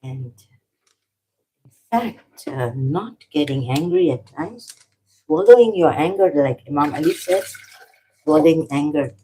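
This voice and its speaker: A tired woman from Pakistan talking alone on a livestream at home, halting and apologetic, often trailing off and restarting. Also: sits low, expressive, dark tone, slight background noise, low-quality recording. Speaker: livestream host. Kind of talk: rambling livestream monologue. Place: at home, making tea.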